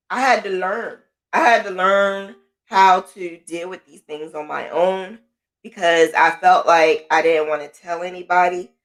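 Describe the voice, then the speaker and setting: Woman, podcast host, lowish voice, casual storytelling, emphatic, repeats phrases.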